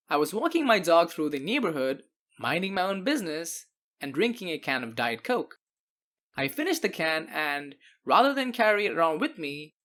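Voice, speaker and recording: A woman narrating animated internet stories with wry, sarcastic asides. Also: deep voice. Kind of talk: scripted storytime narration.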